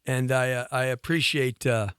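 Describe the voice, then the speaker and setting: A man in his fifties telling a long personal story on a talk show, lively and chatty, laughing between lines and often restarting his sentences. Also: medium pitch, normal speed, clean tone, no room sound, clean studio sound. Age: 50s.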